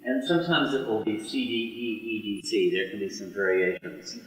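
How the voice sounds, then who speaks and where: A man leading a small study session on poetry, explaining slowly with many fillers and reading verse aloud. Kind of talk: teaching poetry to a small group. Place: room with a small study group. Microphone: boom mic. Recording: roomy hall, boom mic from a distance.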